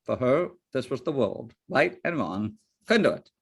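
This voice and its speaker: A man lecturing on ethics, mixing stories with rhetorical questions. His pitch swings widely as he talks, and a gravelly fry runs through his voice. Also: moderate pace. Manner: lively storyteller, rhetorical questions. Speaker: board ethics trainer. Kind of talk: lecture with personal anecdotes.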